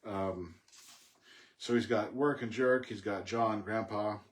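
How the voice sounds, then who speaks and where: A middle-aged man talking casually about a poem he admires, thoughtful and halting, with many fillers and restarts. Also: fairly low pitch. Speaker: poet discussing a poem. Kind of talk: casual spoken commentary on poetry.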